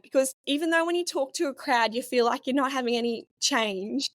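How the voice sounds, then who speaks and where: A woman's voice: high voice, fairly quick, hardly any pauses, fairly bright tone, no room sound, studio quality. A young woman in her twenties, a pharmacist guest telling a personal story in an interview, earnest and open. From Australia. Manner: earnest, open, emotional at times.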